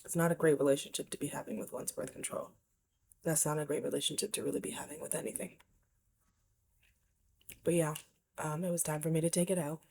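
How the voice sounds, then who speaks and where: A woman with a low, breathy voice talks candidly to camera in a personal vlog. She sounds reflective and often sinks to a near whisper. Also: little pitch movement, a little fast, long pauses, mellow. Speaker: vlogger.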